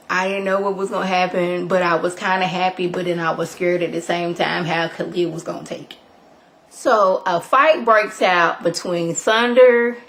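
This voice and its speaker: A woman in a casual video recap, chatty and animated, filling her retelling with "like". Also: medium pitch. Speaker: vlogger.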